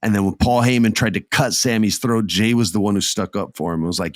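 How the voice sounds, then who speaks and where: A man in his thirties hosting a solo podcast, telling a story excitedly and acting out quotes. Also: on the low side, brisk, hardly any pauses, no room sound, clean studio sound. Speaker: podcast host.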